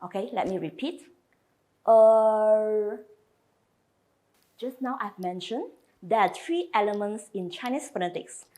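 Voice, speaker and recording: A woman's voice: mid-range voice, lively intonation, moderate pace, darkish tone. A woman teaching a slide lesson, patiently modelling each sound and repeating it for learners. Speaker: language teacher.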